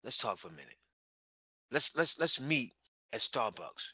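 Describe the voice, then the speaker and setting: A man putting on a voice as a slow, laid-back guy who casually invites someone to sit down and talk, in a low, unhurried drawl. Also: very animated, husky. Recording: tinny phone-like line, dry.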